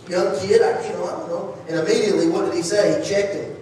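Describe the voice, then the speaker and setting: The preacher is a man whose voice is high and darkish, steady in tone, and quick in pace. He addresses the church sanctuary conversationally, restarting phrases and questioning the congregation, captured by a distant mic in an echoey hall with some faint hiss or hum.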